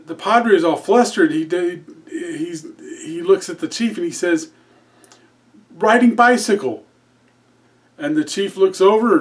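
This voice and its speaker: A man telling a joke in a casual, rambling way, full of fillers and restarts. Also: a little high. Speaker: comedy channel host.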